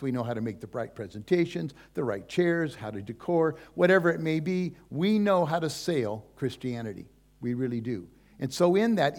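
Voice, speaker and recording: A man's voice: on the high side, darkish tone. An older man preaching a sermon as pastor, in a folksy, conversational way full of asides and rhetorical questions.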